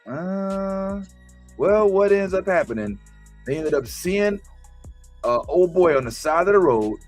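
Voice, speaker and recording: A man hosting a casual TV recap, animated and slangy, joking his way through the episode. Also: sits high, a little slow, faint music behind. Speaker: host.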